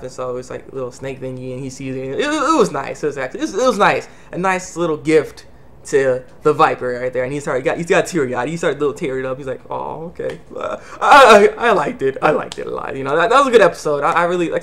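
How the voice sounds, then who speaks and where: A man's voice: a little high, expressive, rapid-fire. A man casually recapping an anime episode, rambling with many fillers and restarts. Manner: acts out characters' lines in quotes. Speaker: anime reviewer.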